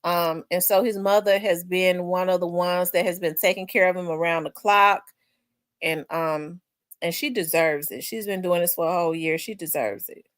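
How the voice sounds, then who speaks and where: A woman with a Memphis Southern accent, hosting a livestream in casual chat, rambling and repeating herself and quick to laugh while she reads viewer comments. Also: lowish voice, steady tone, a bit bright, no room sound, clean studio sound. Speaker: livestream host.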